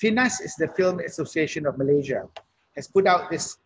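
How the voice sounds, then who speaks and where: A man's voice: a little high, lively intonation, a little fast, breathy edge. A man hosting a casual live online talk, chatting with his guest and reading out viewer comments. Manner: conversational, reads out viewer comments. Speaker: talk show host.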